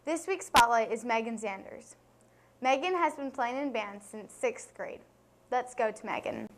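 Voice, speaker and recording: A woman's voice: a little high, a little slow, a little hiss or hum. A teenage girl anchoring a school news show, reading announcements steadily. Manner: steady read-aloud delivery.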